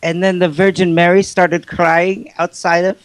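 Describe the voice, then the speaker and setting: A man voicing a pious male villager in a thick, deliberately bad mock Spanish accent as a comedy bit. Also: high voice, level tone, clear, resonant tone, no echo. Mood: earnest. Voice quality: exaggerated put-on accent.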